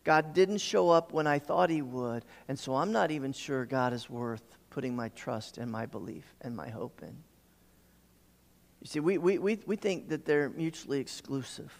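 A man's voice: mid-range voice, normal speed, gravelly, in a large hall. A man preaching a sermon as pastor, repeating words and restarting as he builds emphasis.

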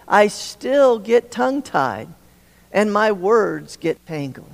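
A man's voice: high-pitched, sing-song, slow, gravelly. A man preaching a sermon, often stammering and repeating words as he acts out the dialogue he quotes. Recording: long hall reverb.

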